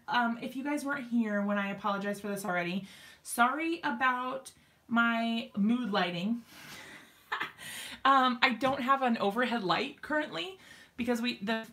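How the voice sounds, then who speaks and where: Woman in her 30s live streaming from her craft room, kinda high voice, chatty, laughs a lot, lots of ums, drifts nearer and farther from the mic. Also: fairly bright tone. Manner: chatty, apologetic, laughs often, many fillers. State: out of breath. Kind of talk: casual live-stream chat.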